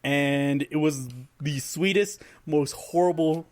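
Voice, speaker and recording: A man's voice: fairly high pitch, slow pace. Laughing man telling a party story. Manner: rambling, laughs through stories. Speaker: podcast host. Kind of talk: casual chat, storytelling.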